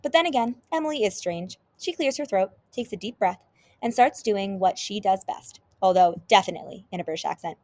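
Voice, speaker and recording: A woman teacher reading a children's chapter book aloud with expressive storytelling. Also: medium pitch, fairly quick.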